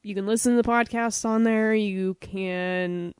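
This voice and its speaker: A woman's voice: mid-range voice, fairly even intonation, unhurried, darkish tone, clean tone, dry recording, clean studio sound. A woman co-hosting a podcast in casual chat, loose and joking, with frequent laughter. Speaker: podcast co-host.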